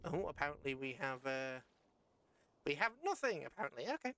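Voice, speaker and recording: A tired man casually commenting as he plays a submarine game live, rambling and correcting himself with playful jumps in pitch. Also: very animated, brisk, pushed and bright. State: tired after a long rough day. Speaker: streamer playing a submarine game.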